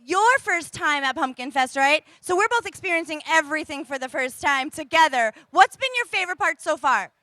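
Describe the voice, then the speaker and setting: Female co-host, very high bright voice, dry close sound, friendly and chatty. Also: lively intonation, fairly quick, hardly any pauses, no room sound. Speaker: radio co-host. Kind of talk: street interviewing.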